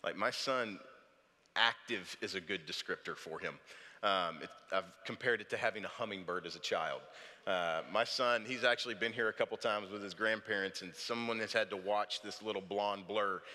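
Bright-voiced man preaching in a hall. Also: fairly low pitch, moderate pace. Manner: storytelling, animated with self-deprecating humor. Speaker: pastor. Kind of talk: sermon. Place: church service hall. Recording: preached in a hall with long reverb.

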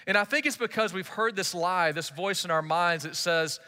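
A man's voice: high-pitched, normal speed, pushed and bright, big-room sound. A man preaching a sermon as pastor, talking in a conversational, emphatic way and asking rhetorical questions.

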